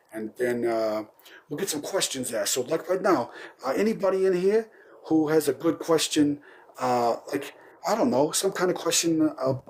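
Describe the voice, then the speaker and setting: A man live streaming from a garage, talking in a meandering, offhand, deadpan way. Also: mid-range voice, slight background noise. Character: undead zombie entertainer persona, man. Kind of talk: rambling comedic live stream.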